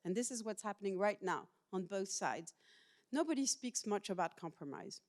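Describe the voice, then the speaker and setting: Middle-aged woman giving an animated lecture. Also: medium pitch, moderate pace. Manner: animated and personal, asks the audience questions. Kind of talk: public university lecture. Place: lecture hall with a student audience.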